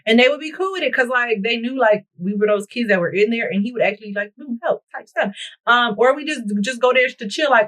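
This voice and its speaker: A woman's voice: on the high side, fairly quick, a bit bright, low-quality recording. A young woman vlogger chatting a dramatic storytime straight to her viewers while she does her makeup. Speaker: beauty vlogger. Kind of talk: storytime chat while getting ready. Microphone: camera mic while doing her makeup.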